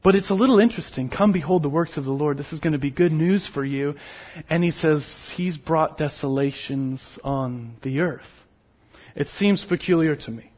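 A man preaching a sermon, slow and emphatic, with sudden drops to a near whisper on key words. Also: on the high side, slightly rough, muffled recording. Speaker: pastor.

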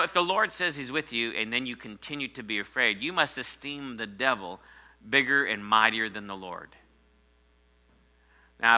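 A man preaching a sermon, swinging between loud rises and quiet drops and calling for amens. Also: lowish voice. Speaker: pastor.

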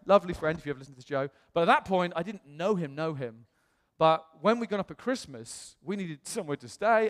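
A man, a pastor, telling a personal story in a sermon in a chatty, animated way. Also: on the high side, big-room sound. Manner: chatty storytelling, animated voices when quoting others.

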